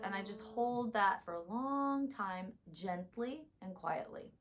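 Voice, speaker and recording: Hoarse woman voice teacher, tired voice. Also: slow pace. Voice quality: slight rumble in speaking voice. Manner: calm, instructive, demonstrating exercises. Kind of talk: vocal warm-up lesson.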